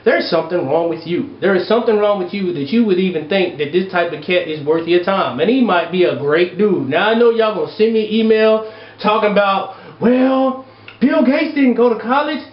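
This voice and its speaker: A man hosting an advice show, reading viewer letters aloud and breaking into loud, exasperated, profane rants. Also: high voice, moderate pace, distant mic. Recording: echoey room, dull lo-fi sound.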